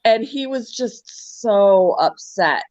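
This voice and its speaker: A woman in her forties co-hosting a podcast, quickly retelling a story with quoted dialogue. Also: on the high side, expressive, a little mellow, no echo. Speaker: podcast co-host. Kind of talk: casual storytelling chat. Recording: dull, lo-fi sound.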